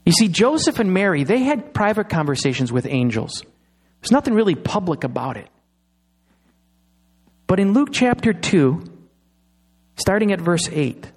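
A middle-aged man delivers a sermon as a pastor, his voice sitting high for a man. He leans on dramatic pauses and draws out the key phrases slowly.

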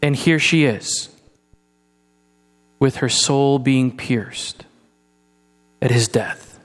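A man preaching a sermon, talking to his congregation with rhetorical questions and sometimes sinking into a hushed, solemn tone. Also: mid-range voice, extremely slow. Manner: drops to a soft, hushed tone for solemn passages. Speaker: pastor. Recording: hall reverb with mains hum.

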